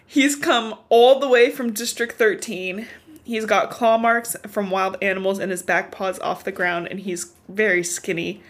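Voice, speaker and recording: A woman's voice: medium pitch, steady tone, unhurried. Chatty woman recapping a book. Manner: swears freely, retells story with many likes. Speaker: podcast co-host. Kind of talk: casual book recap chat.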